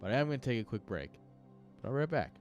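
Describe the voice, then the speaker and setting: A man casts a live game match from his home streaming setup. He is casual, excitable and jokey, with a voice of ordinary pitch. Soft music runs faintly underneath. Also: racing, highs cut off. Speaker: esports caster.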